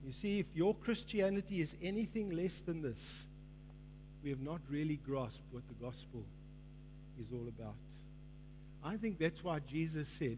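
A male pastor delivers a sermon in a hall with a long, ringing reverb. His voice sits high, and he builds in fervor, acting out the voices in a parable. A faint mains hum runs underneath. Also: animated, moderate pace. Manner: preaching with rising fervor, acts out quoted voices in a parable.

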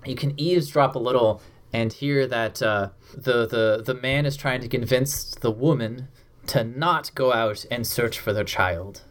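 A man narrating a tabletop game as game master, describing scenes in a measured, descriptive way. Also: medium pitch. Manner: descriptive, slows down for atmosphere.

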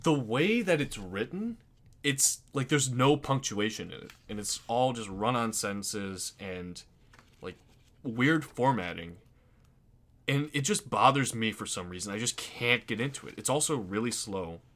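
Young guy, middle pitch voice, chatty podcast cohost who explains everything. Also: lively intonation, a little slow, fairly bright tone. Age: young adult. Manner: chatty, explains things at length. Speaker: podcast co-host. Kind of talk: casual chat.

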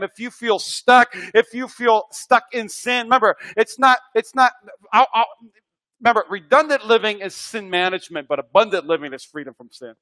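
A male pastor preaching a sermon, swinging between hushed lines and loud, emphatic repeats. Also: high-pitched, moderate pace.

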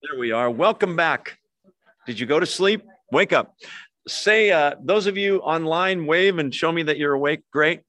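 Older male pastor, conversational Bible teacher, slightly raised pitch, dry close sound, keeps quizzing the room. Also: moderate pace, dry recording. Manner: chatty, asks the audience questions, animated. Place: church hall with in-person and online audience.

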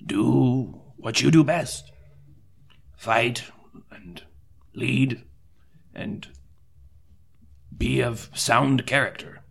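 A man playing an earnest cleric at a tabletop game, soft-spoken and measured, with pauses. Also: mid-range voice, gravelly, slightly rough. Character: earnest male cleric recruiter. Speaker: player voicing a cleric. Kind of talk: tabletop role-play in character.

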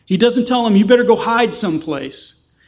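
A man's voice: sits high, lively intonation, normal speed. A male pastor preaching a sermon with passion, asking rhetorical questions and acting out the voices he quotes.

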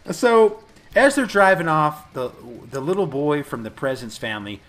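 At a moderate pace and fairly high pitch, a podcast co-host casually recaps a movie with his partner. His retelling is profane and animated, and he swears while acting out the characters' lines in quoted voices.

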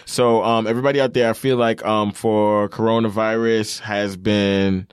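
A man's voice: lowish voice, flat delivery, moderate pace, clear, resonant tone, no echo, studio quality. A young man hosting a podcast in casual, slangy, profane chat. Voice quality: laid-back, profane, slangy. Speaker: podcast host.

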